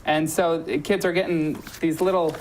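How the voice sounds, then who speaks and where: A woman's voice: low voice, steady tone, moderate pace, darkish tone, slight background noise, poor audio. A woman hosting a local talk show, chatting casually with lots of ums and restarts. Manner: chatty, many ums and self-corrections. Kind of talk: casual promotional chat.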